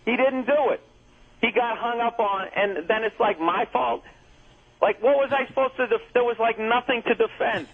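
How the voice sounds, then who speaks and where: A high-pitched man argues with indignant, profane energy as a comedian guest on a talk radio show. The audio is narrow and tinny, like a phone line. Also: slightly rough. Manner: profane, indignant, fast ranting. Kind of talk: heated on-air argument.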